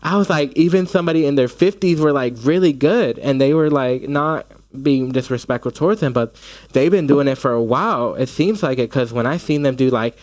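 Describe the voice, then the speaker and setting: A young man, a stage actor from the United States, chatting in an interview with animated storytelling and frequent restarts. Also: medium pitch, brisk, no room sound. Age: young adult. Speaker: actor guest. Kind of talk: casual interview chat.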